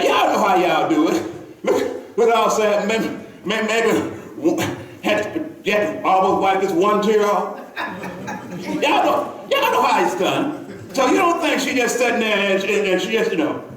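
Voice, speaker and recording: This preacher's voice is high-pitched and very animated, yet he takes his time. He talks with his congregation during the sermon, calling out to them and repeating lines again and again, all captured from a distance in the echoing sanctuary.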